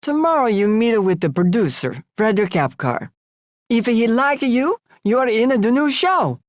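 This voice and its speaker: A woman's voice: on the high side, big pitch swings, moderate pace, no room sound, studio quality, voice pushed up. Brief: Italian-accented male producer, reassuring, slightly raised voice, read by a woman. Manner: broken English, reassuring. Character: middle-aged Italian male producer, calm.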